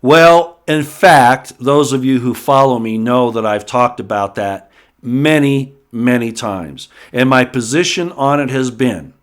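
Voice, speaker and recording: A man's voice: medium pitch, measured pace. Emphatic middle-aged man giving commentary. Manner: emphatic, repeats and restarts words, rising in force on key points. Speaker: political commentary host. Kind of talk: solo political commentary monologue.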